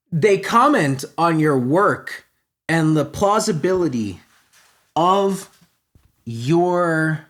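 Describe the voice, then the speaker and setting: A man's voice: fairly high pitch, animated, drawn-out words, a bit bright. A man hosting a podcast, delivering a heated, sarcastic, profane comedic rant. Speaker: podcast host.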